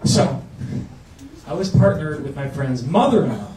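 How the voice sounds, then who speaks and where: A man performing a stand-up comedy set on a club stage, telling stories with animated acted-out voices over audience laughter. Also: fairly high pitch, normal speed, a little hiss or hum. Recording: roomy live club sound from a distance.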